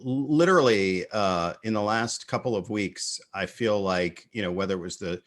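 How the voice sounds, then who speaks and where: Male interview host, low voice, casual and halting, full of you-knows. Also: fairly bright tone. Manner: casual, hesitant phrasing with many fillers. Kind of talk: conversational interview.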